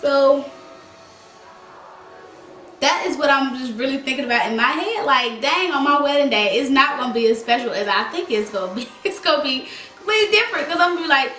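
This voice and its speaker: A young woman beauty vlogger chats dramatically through a casual makeup tutorial, telling animated stories. Her voice sits high and runs a little fast, and she's far from the mic in an echoey room with faint music behind her.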